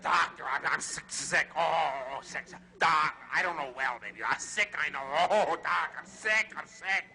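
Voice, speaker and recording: A man's voice: fairly high pitch, normal speed, gravelly, hardly any pauses, pushed and bright, pitched below the performer's own voice, exaggerated voice. A man voicing a sick, desperate male caller who moans and pleads. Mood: moaning. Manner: moaning, pleading.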